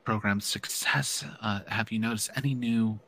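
A man's voice: lowish voice, steady tone, normal speed, sharp tone, slight background noise. Man doing a fussy, hesitant program director. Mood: businesslike. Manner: bureaucratic, hesitant, filler-heavy. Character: fussy male program director, image-minded.

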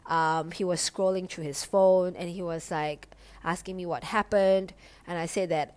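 A young woman telling a story casually, animated, swearing a lot and using lots of "like". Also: on the low side, unhurried.

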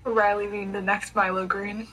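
A young woman chatting casually with a friend, teasing her and retelling a conversation. Her voice is bright and forward, with a husky edge. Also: medium pitch, little pitch movement, normal speed, poor audio. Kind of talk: casual chat.

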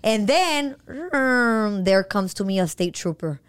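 A woman hosting a podcast, telling a story in casual chat, animated and mixing English with Spanish. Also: mid-range voice, slow, clear, resonant tone. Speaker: podcast host.

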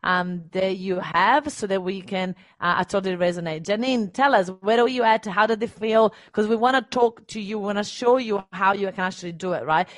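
Energetic woman business coach, dry sound. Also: medium pitch, fairly quick, few pauses, no room sound. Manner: energetic, encouraging, emphatic. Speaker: business coach hosting a live session. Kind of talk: live-stream coaching chat.

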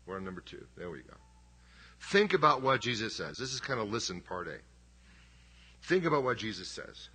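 A man's voice: lowish voice, big pitch swings, a little fast, pauses often, bright, forceful tone, husky. A middle-aged man preaching a sermon as pastor, conversational and emphatic, with self-deprecating humor.

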